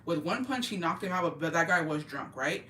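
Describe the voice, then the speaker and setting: A woman's voice: fairly low pitch, expressive, a little fast, bright, forceful tone. A woman telling a gossip story to her viewers in a casual, profane, emphatic way, dropping Spanish phrases into her English. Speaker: vlogger. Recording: roomy, distant mic, faint ambient noise.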